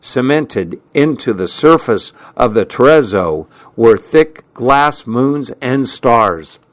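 Slow, measured male storyteller. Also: medium pitch, animated, dry recording. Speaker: narrator. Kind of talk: audiobook narration.

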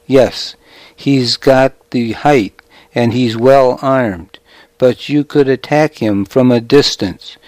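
A man's voice: medium pitch, takes it slowly, darkish tone, dry recording, lightly acted. A man reading the part of a brash, boastful young shepherd with a whiny way of talking.

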